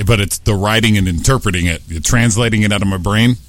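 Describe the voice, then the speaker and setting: Low-voiced male podcast host. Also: fast talker, no echo. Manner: relaxed, chimes in with short reactions. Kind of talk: casual chat.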